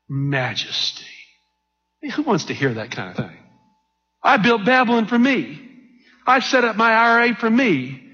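High-voiced husky preacher in a reverberant hall. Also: male voice, a bit bright. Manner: slow emphatic scripture reading. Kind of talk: sermon. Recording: dull lo-fi recording in a reverberant hall.

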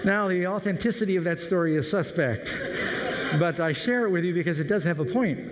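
A man's voice: high voice, fairly quick, long reverb tail, noisy background. A man preaching a sermon in a conversational storytelling way. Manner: conversational, anecdotal.

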